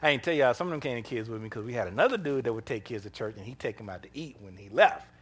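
A man's voice: medium pitch, rapid-fire, slightly rough. A man preaching a sermon, telling personal stories in a folksy, conversational way, acting out the dialogue and laughing often. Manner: animated, acts out dialogue in his stories. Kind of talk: sermon with storytelling.

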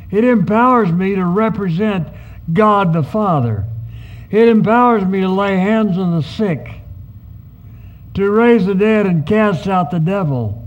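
A male pastor delivers a teaching sermon in a high, unhurried voice. He presses emphatic words and slips into quoted asides. The recording is somewhat dull and lo-fi.

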